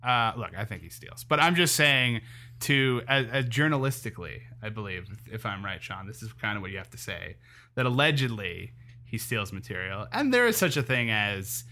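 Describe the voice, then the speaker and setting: A man's voice: fairly low pitch, expressive, normal speed, bright, forceful tone. A man co-hosting a comedy podcast, chatty and hedging as he talks things through. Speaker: podcast co-host. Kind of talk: casual chat.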